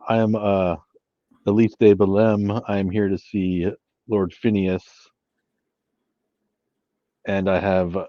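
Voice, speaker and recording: A man playing a character in an online tabletop game, hesitant and thinking out loud. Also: deep voice, no echo, dull audio. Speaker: player. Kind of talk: casual tabletop play over a call. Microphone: online voice call.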